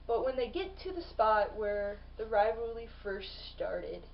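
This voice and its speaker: A woman's voice: medium pitch, a little slow, vocal fry, far from the mic, dull audio. A young woman chatting casually in a book vlog, bubbly and full of fillers and restarts. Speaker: book vlogger.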